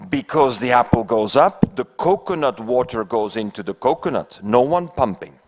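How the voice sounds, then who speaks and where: With a medium-pitched, animated, darkish voice at normal speed, an older man from Belgium delivers a keynote speech in a conference hall. He isn't an English speaker, and he recounts a fable while asking the audience rhetorical questions.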